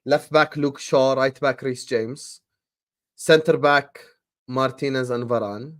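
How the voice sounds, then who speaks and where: A young man hosting a football transfer stream in casual live chat, animated and slangy, and he repeats his points. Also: medium pitch, slow.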